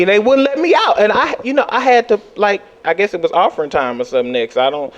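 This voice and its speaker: A young adult man performing a stand-up comedy set, telling animated stories and jumping into high squeals when he acts out panic. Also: quick pace, few pauses, muffled recording, a crowd in the background.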